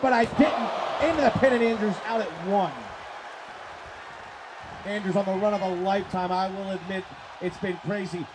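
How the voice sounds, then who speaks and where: A man calling live wrestling play-by-play, excitable and profane, often shouting. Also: sits high, moderate pace, pauses often. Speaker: play-by-play commentator. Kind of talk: live wrestling commentary on a stream. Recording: streamed commentary over crowd noise.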